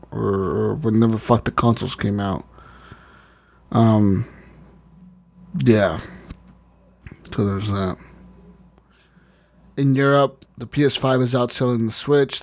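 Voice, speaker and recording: A man's voice: medium pitch, darkish tone. A man co-hosting a casual gaming podcast, swearing freely and joking through rambling rants. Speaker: podcast co-host.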